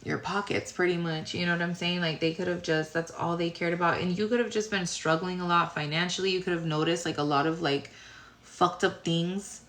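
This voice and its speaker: A woman's voice: on the low side, fairly even intonation, a little fast, fairly bright tone. A woman giving a casual tarot reading to viewers, rambling and searching for words, sounding tired. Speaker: tarot reader. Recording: roomy echo.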